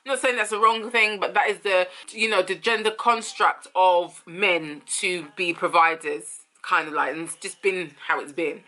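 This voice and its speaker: A woman's voice: lowish voice, fairly even intonation, moderate pace, hardly any pauses, bright, forceful tone. A woman giving casual, opinionated commentary on a reality show, talking in a chatty way with many fillers. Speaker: reality TV reviewer.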